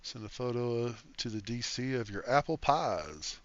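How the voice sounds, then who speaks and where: A man's voice: medium pitch, lively intonation, moderate pace, muffled recording. An older man hosting a casual game livestream, reading chat aloud in an easygoing, folksy way and thanking viewers.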